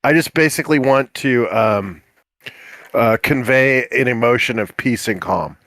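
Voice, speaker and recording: Gravelly male tabletop player. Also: medium pitch, measured pace, a bit bright, dry recording. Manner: hesitant, filler-heavy. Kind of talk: casual game chat.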